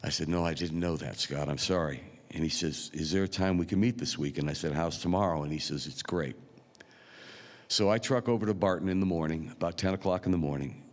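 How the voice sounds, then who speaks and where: A man with a deep, low voice preaches to his congregation, talking like he's chatting with friends. He pauses often and fills gaps with small hesitations. His words ring out with a long reverb through a large church sanctuary. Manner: unhurried, conversational, with frequent pauses and fillers. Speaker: pastor. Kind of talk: sermon storytelling.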